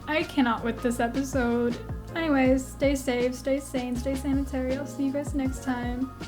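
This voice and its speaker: A young woman vlogger reacting casually, talking in an animated, blunt and sweary way. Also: high voice, normal speed, over music.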